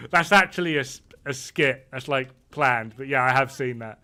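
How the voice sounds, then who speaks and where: A man's voice: mid-range voice, moderate pace, bright, forceful tone. A man streaming a game, chatting casually and rambling, swearing freely as he plays. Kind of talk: casual chat while gaming.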